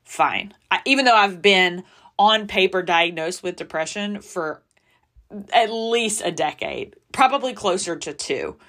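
On her personal confessional podcast, a woman speaks candidly and emotionally about her struggles, close to tears at times. Her voice is medium-pitched and fairly bright in tone, and she talks a little slowly.

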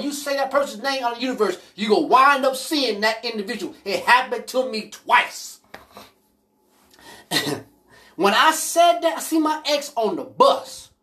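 A woman hosting a podcast, telling personal stories in a blunt, profane, animated way. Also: on the high side. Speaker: podcast host. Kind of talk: casual monologue storytelling.

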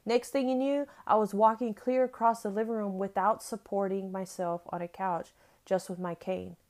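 A woman's voice: medium pitch, steady tone, moderate pace, darkish tone. A middle-aged woman giving an encouraging devotional talk, preaching with emphasis and repeating her key phrases. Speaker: Christian devotional speaker.

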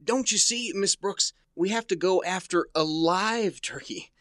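A man's voice: high voice, unhurried, fairly bright tone, no room sound, studio quality. An actor playing a shy, awkward male teacher in a 1950s radio comedy, hesitant and fumbling. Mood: bashful.

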